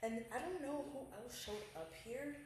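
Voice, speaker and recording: A young woman co-hosting a podcast, telling a story in a rapid, slangy, animated way. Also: high-pitched. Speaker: podcast co-host. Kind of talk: casual chat, storytelling. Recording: very echoey room, faint noise.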